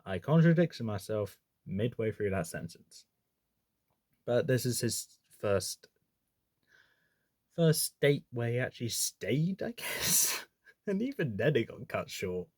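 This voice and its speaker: A man's voice: mid-range voice, expressive, slow, long pauses, darkish tone, dry recording. A man in a middle register chats through his film ranking in a loose, opinionated way. He trips over words and corrects himself as he goes, and the sound is close and dry with no room around it. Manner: chatty, opinionated, self-correcting with frequent restarts. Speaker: movie reviewer. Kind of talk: casual movie ranking commentary.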